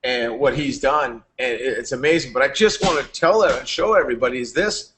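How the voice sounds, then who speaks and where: A man, a company founder, giving a rambling, energetic motivational talk to members on a live stream. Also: medium pitch, fairly quick, slight background noise.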